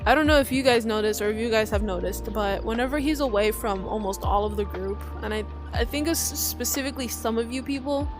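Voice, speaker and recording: A young woman tells a long rambling story to a group of friends, swearing freely and restarting her sentences often. Her voice sits a little high. Music plays clearly behind her. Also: brisk, hardly any pauses. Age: young adult. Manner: rambling, profane, frequent restarts.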